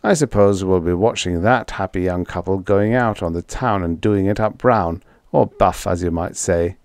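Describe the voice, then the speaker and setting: A man's voice: sits low, moderate pace, darkish tone, no echo, clean studio sound. A man voicing a glib young TV producer who talks in an airy, wisecracking way. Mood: breezy.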